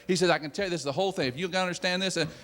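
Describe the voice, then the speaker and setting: A man giving a motivational talk through personal stories, acting out his own excitement, in a large meeting hall. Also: high voice, very fast, slight background noise. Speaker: sales leader giving a talk. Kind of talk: motivational storytelling speech. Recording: long reverb of a hall.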